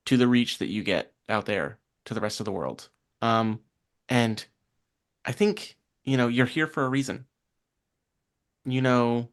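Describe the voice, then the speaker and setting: A player playing an earnest small-town organizer who pleads softly and haltingly in a tabletop role-play. The voice sits in a middle pitch. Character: hard-working small-town organizer woman Vicky.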